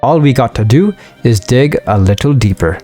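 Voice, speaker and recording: A man putting on a rough Scottish accent to voice a jovial, hearty dwarf miner from a fantasy game. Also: mid-range voice, lively intonation, normal speed, dark tone, faint music behind, close to an everyday voice. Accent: put-on Scottish. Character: gruff middle-aged male dwarf miner, jovial.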